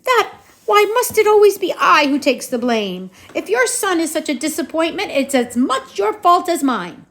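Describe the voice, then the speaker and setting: A woman's voice: extremely high pitch, big pitch swings, normal speed, fairly bright tone, voice pushed up, exaggerated voice. A woman voicing a haughty female mouse mother, dismissive and dramatic.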